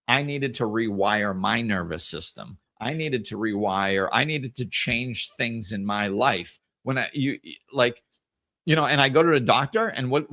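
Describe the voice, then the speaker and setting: A man hosting a podcast in a casual solo monologue, telling stories in an animated way and repeating phrases for emphasis. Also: lowish voice. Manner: animated storytelling, acts out conversations. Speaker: podcast host.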